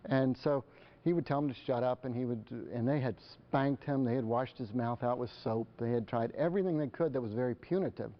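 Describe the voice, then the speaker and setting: A man giving a live presentation to parents, animated and acting out the exchanges between parents and children. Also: mid-range voice, a little fast. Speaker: speaker on parenting. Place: lecture hall. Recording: dull lo-fi live recording.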